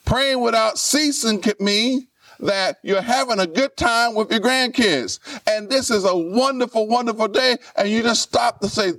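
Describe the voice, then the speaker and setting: Male pastor, high voice, repeats himself for emphasis, mic a little far off. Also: unhurried, fairly bright tone, no echo. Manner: repetitive, rhetorical questions to the congregation. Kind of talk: live sermon. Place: church.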